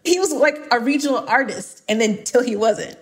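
Emphatic, animated American woman. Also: on the high side, moderate pace. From Atlanta, USA. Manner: emphatic and animated, with playful exaggeration. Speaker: podcast guest. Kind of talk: casual conversation.

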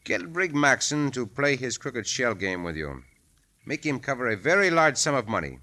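An actor playing a calm, courteous Mexican caballero hero in an old radio drama. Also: male voice, medium pitch, moderate pace.

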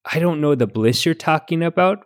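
A man's voice: fairly high pitch, lively intonation, brisk, voice pushed up, natural voice. A man putting on a chatty Midwestern mom advice columnist with a Midwestern accent, giving rambling homey advice on a podcast. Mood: folksy. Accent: Midwestern American, put on. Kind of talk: podcast comedy bit.

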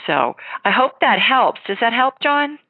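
A woman's voice: on the high side, big pitch swings, a little slow, breathy edge, no room sound. A woman hosting a radio call-in show, giving readings to callers and answering emails in a confident, emphatic, conversational way. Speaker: psychic call-in show host. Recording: tinny phone-like radio sound.

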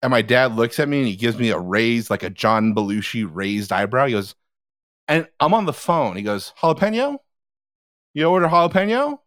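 A man's voice: fairly low pitch, normal speed, no room sound, clean studio sound. A man telling a story on a casual podcast, acting out the quoted lines. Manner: animated, acts out quotes. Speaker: podcast panelist.

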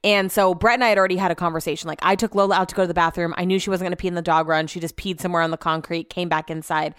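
Young adult woman, radio host type, chatty and profane, smooth tone, dry close sound. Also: fairly low pitch, steady tone, rapid-fire, a bit bright, dry recording. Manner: rambling, profane storytelling. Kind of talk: casual chat monologue.

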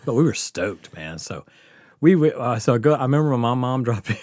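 A man's voice: medium pitch, animated, brisk, darkish tone, no room sound, studio quality. A middle-aged man hosting a podcast, telling a rambling, profane story in a casual way and laughing as he goes. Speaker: podcast host.

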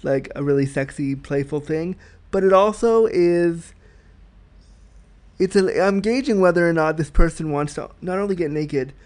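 A man's voice: on the high side, moderate pace, a little mellow. A man hosting a solo podcast, talking frankly and reflectively as he explains his thoughts at length. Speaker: podcast host.

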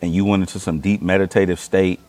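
A man from Los Angeles telling stories casually as an interview guest, animated and profane, acting out his own reactions. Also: sits low, quick pace, noisy background. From Los Angeles, California. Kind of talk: casual conversational storytelling.

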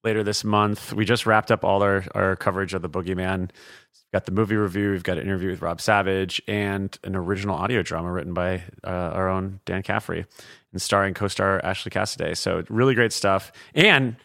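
A man's voice: sits low, steady tone, fairly quick, vocal fry, fairly bright tone. A man co-hosting a podcast, joking and upbeat as he plugs his other show. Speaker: podcast co-host. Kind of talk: casual podcast chat.

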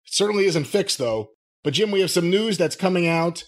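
Male podcast co-host, high voice, very animated, incredulous, profane. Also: brisk. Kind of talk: casual podcast chat.

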